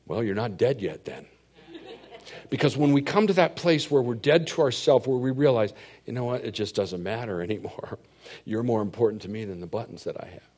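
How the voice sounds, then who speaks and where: A middle-aged man preaching a sermon as a pastor, telling stories and swinging from hushed asides to loud, emphatic points. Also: medium pitch, lively intonation, fairly quick.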